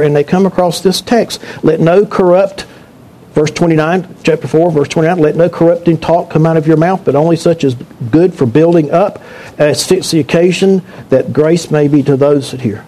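A male pastor delivers a sermon in a church, his voice sitting a little higher than most men's. He keeps it conversational and joking, throwing questions out to the congregation and swinging between playful asides and serious points. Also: moderate pace, dark tone.

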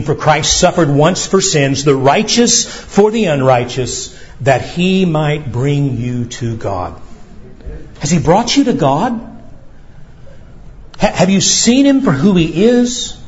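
A man preaching a sermon as pastor, earnest and emphatic, slowing for weight and pressing questions on his listeners. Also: on the high side, expressive, muffled recording.

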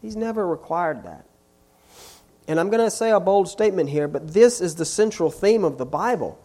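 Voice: medium pitch, expressive, moderate pace, warm tone. A pastor preaching a sermon in an emphatic style, hammering key phrases again and again and building force on each repeat.

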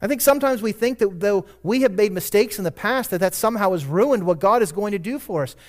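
Earnest preaching man, fairly high voice. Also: animated, quick pace. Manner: earnest preaching with rising emphatic peaks; conversational asides and self-corrections. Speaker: pastor. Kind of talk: sermon.

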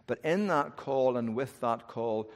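A pastor, a man of middle pitch, delivering an emphatic sermon. His voice rises forcefully, then drops to quiet, weighty lows. A long reverb trails each phrase, as in a large hall. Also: measured pace. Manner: emphatic preaching, rising and dropping to hushed lows.

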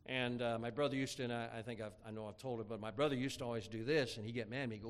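A man's voice: medium pitch, lively intonation, fast. A man preaching a sermon in a folksy storytelling way, with many restarts and asides to the congregation. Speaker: pastor.

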